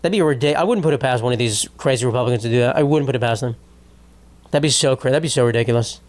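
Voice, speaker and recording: A man's voice: mid-range voice, very fast, darkish tone. A young man hosting his own comedy podcast, ranting in a profane, rambling and self-mocking way. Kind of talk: solo comedic podcast rant.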